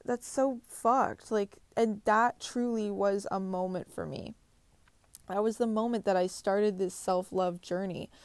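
A woman's voice: medium pitch, fairly even intonation, unhurried, darkish tone, no echo. A woman in her twenties talking bluntly and passionately in a confessional vlog, swearing heavily and speaking with emphasis. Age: 20s. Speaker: vlogger.

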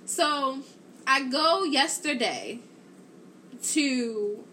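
A woman hosting a live stream, telling a rambling, animated story to her viewers and peppering it with "like" and "or whatever.". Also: sits high, drawn-out words, slight background noise.

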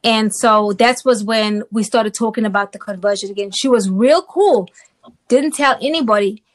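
A woman from South Africa, an interview guest telling her personal testimony in an animated way and often checking in with the listener. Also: mid-range voice, moderate pace.

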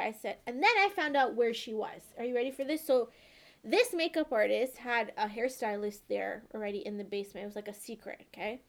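A young woman with a slightly high voice tells a wild story in casual chat. She swears freely and keeps checking in with her listener. She sounds lively and unfiltered. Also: brisk. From born and raised in the country she lives in. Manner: profane, animated storytelling with frequent "okay?" asides.

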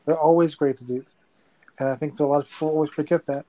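A man's voice: a little high, fairly even intonation, quick pace, mellow, poor audio. A man hosting a live motivational talk show, emphatic and preachy, repeating lines for effect. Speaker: host.

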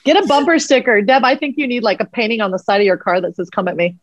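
A woman's voice: a little high, expressive, fast, dry recording, lo-fi sound. Woman guest, playful and jokey, dry close sound, calling in by phone. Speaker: podcast guest. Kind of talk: casual podcast chat. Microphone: phone call.

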